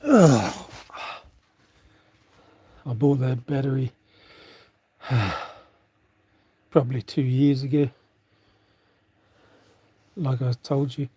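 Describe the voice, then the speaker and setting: A man's voice: medium pitch, flat delivery, slow pace, pauses often, dark tone, breathy edge, no echo. A man with a New Zealand accent chatting casually on a phone livestream outdoors on farmland, rambling and swearing offhandedly as he thinks aloud. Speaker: livestream vlogger. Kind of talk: casual live-stream chat.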